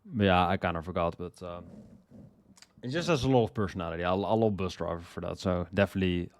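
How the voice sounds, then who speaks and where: A man's voice: low-pitched, fast talker. A young man casually reviewing his favorite songs in a rambling way, full of "like" and "you know" and repeated words. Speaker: music reviewer. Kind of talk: casual spoken song review.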